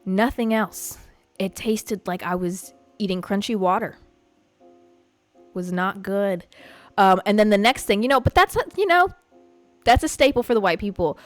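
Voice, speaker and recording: A young woman from a Puerto Rican family hosting a podcast, telling a story in a profane, animated rant. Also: medium pitch, no echo. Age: young adult. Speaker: podcast host. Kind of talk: casual storytelling monologue.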